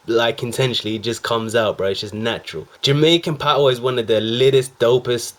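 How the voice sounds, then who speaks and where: A young man talks straight to his viewers in a loose, excitable reaction commentary. His speech is full of slang and quick asides. His pitch sits in an ordinary middle range. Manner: excitable, slang-heavy, chatty. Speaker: reaction video host.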